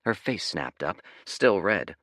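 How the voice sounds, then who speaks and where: Male audiobook narrator, low voice, animated delivery, dry close sound. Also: slow pace, no room sound. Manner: expressive, switching character voices. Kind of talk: scripted narration.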